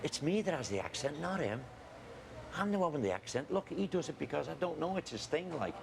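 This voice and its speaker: An actor playing a blustery, defensive middle-aged farmer with a Scouse accent, in found-footage style. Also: male voice, on the high side, very animated, brisk, vocal fry, crowd noise. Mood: insistent. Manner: blustery, defensive, calls people mate. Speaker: farmer guarding his cousin. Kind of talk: found-footage film acting. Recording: noisy handheld camera audio.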